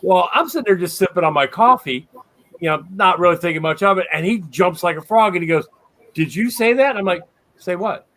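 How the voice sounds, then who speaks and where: A man co-hosting a podcast, telling stories in a lively way and acting out the dialogue. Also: high voice, fast, no room sound. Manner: lively storyteller, acts out dialogue. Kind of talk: casual storytelling.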